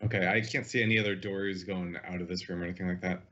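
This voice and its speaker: A low-voiced man plays a tabletop game in an easygoing way, often pausing to think. The recording has a dull, muffled sound. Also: steady tone, sharp tone. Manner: easygoing, hesitant, wry. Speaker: player.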